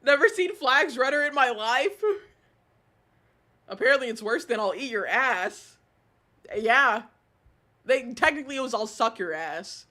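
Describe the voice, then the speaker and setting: Guy streamer reading chat, bright voice, keeps getting exasperated and cussing. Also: extremely high pitch, unhurried, pauses often. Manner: animated, exasperated, swears often.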